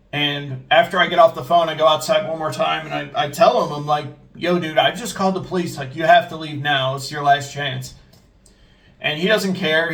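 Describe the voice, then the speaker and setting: Young man telling stories, slightly high voice. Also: a bit bright. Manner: hesitant, many fillers and restarts. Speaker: host telling personal stories. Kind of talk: casual spoken storytelling. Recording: roomy sound from distance from the mic.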